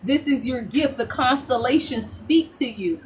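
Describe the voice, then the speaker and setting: A woman tarot reader hosting a live-stream spiritual reading, talking in an animated, preaching way that calls listeners "y'all" and "child". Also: high voice, unhurried, a little hiss or hum.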